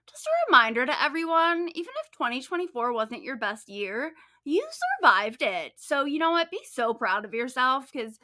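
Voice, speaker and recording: A woman's voice: fairly high pitch, bright, forceful tone, dry recording, clean studio sound. A woman co-hosting a true-crime podcast, telling the case in upbeat, chatty style with casual swearing. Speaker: podcast co-host and case writer.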